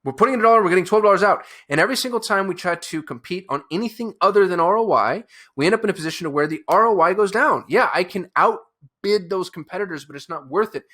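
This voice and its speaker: An agency owner who hosts his own channel talks to camera in a fired-up, emphatic way, with frequent restarts and fillers. His voice sits high, with lively intonation, a quick pace and a sharp tone.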